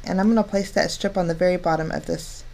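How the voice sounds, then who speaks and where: A woman's voice: on the low side, fairly even intonation, fast talker, vocal fry, darkish tone. Cheerful woman narrating a card-making tutorial. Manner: cheerful, chatty, narrating each step with fillers. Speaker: crafting channel host. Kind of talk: step-by-step craft tutorial voice-over.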